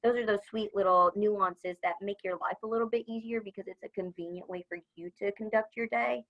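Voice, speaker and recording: A woman's voice: mid-range voice, steady tone, fairly quick, muffled recording. A woman, upbeat and chatty, talking about customer service in a business interview. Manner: upbeat, chatty, acts out phone greetings. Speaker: supplier customer service leader.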